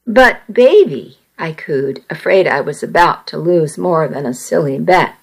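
A woman reading a first-person story aloud, slowly, evenly and carefully. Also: low-pitched, vocal fry, breathy edge, low-quality recording. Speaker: narrator.

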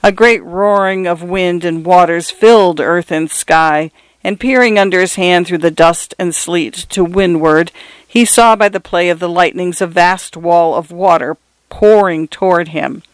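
A man reads a story aloud in a high voice with a smooth, resonant tone. His narration is measured and descriptive, with occasional asides to the listener, and the sound is close and dry. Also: no echo.

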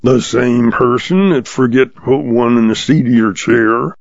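A man reading a scornful, drawling cowhand in a western audiobook, with a gravelly voice. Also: medium pitch, unhurried, no echo, dull audio. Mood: sneering. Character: surly sneering male cowhand, middle-aged.

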